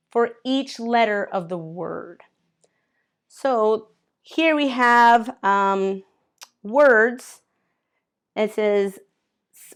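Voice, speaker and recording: A woman teaching English grammar to learners, patiently spelling out letters and sounds one by one. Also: on the high side. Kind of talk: slow classroom grammar explanation.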